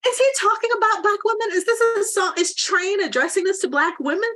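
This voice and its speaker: Bright high-voiced woman, candid chat. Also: brisk. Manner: candid, frank storyteller. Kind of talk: casual chat.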